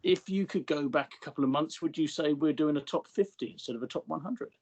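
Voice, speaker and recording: A man's voice: on the high side, a little mellow, husky, highs cut off. Easygoing male countdown co-host. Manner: easygoing, chatty, with quick agreeing interjections. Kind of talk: casual chat.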